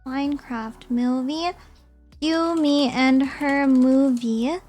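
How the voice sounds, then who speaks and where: A woman's voice: high-pitched, fairly even intonation, slow pace, darkish tone, soft background music. A young woman streamer chatting casually and rambling as she ranks movies, often giggling.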